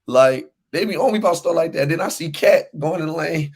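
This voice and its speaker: A man's voice: on the high side, slightly rough. A man co-hosting a casual sports podcast, ranting with lots of repetition and laughter. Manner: animated ranting, repeats himself, laughs often. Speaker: podcast co-host.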